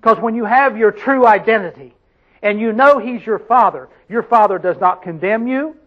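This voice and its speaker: A man's voice: high-pitched, moderate pace, highs cut off. A man preaching a sermon, emphatic, putting questions to his congregation and answering them himself.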